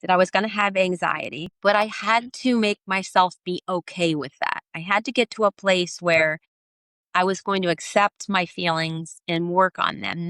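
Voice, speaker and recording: A middle-aged woman, a podcast guest, telling her story in a lively way and acting out the voices of the people in it. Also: lowish voice, no room sound. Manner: animated, acts out quoted voices. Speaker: podcast guest, sailor and author. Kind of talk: storytelling in an interview.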